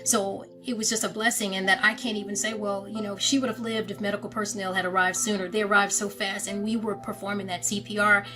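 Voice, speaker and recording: A woman speaks in a somber, measured way, her pitch sitting in an ordinary middle range and barely rising or falling. She talks plainly and directly to her followers, like someone sharing a personal account. Clear music plays underneath her voice. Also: flat delivery, rough recording. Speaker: family member making an announcement.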